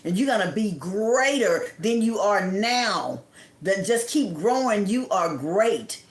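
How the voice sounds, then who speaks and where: Woman, live-stream host, casual chat, reads comments, middle pitch, echoey room. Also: lively intonation, slow pace. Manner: chatty, reads viewer comments aloud, preachy advice. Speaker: livestream host.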